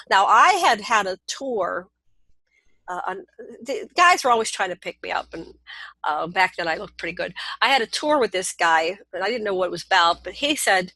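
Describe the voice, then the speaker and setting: An older woman telling a long personal story as an interview guest, lively and animated with laughs, restarts and quick asides. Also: mid-range voice, dry recording, poor audio. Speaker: interview guest recounting experiences.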